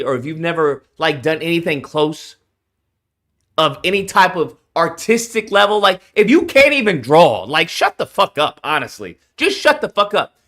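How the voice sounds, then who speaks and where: A man's voice: sits high, bright, forceful tone. A man streaming a reaction, ranting heatedly and profanely to his viewers. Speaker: streamer reacting to a game showcase. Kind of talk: casual reaction rant.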